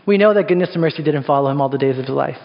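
Male pastor, fairly high voice, chatty sermon delivery with rhetorical questions; dull sound. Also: rapid-fire, gravelly. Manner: conversational, lots of rhetorical questions. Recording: echoey hall, dull sound.

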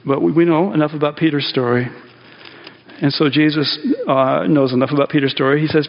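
Male pastor, conversational sermon delivery, gravelly voice, slightly high, muffled recording. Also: fairly quick. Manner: conversational, animated, with frequent fillers and restarts. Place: church sanctuary. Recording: dull lo-fi sound in a reverberant hall.

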